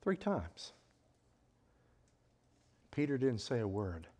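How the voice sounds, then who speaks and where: A man preaching a sermon in an animated way, acting out voices with sudden loud outbursts. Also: mid-range voice, slow pace, breathy edge.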